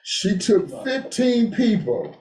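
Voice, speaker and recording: A man with a fairly high yet mellow voice leads a men's group, telling lively stories and pulling call-and-response from the room. The sound is echoey, as in a meeting room. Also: takes it slowly. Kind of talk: motivational group talk.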